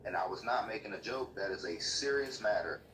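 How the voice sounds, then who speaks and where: A man's voice: lowish voice, a little fast, far from the mic, a crowd in the background. A machine-made male voice answering in stiff, formal, lecturing sentences, played back from a speaker across the room. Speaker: AI chatbot. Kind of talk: calm, formal replies. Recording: roomy speaker playback with faint TV.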